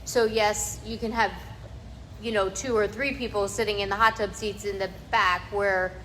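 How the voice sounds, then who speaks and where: A woman's voice: medium pitch, steady tone, moderate pace, fairly bright tone, in a large hall, slight background noise, low-quality recording. A woman co-hosting a casual demo, upbeat and explanatory. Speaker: co-host. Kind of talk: casual live demo chat.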